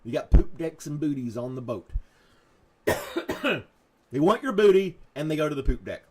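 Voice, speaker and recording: A man's voice: mid-range voice, moderate pace, background noise. A man hosting a live morning chat show, rambling and self-mocking, with jokey asides to his dog and to viewers.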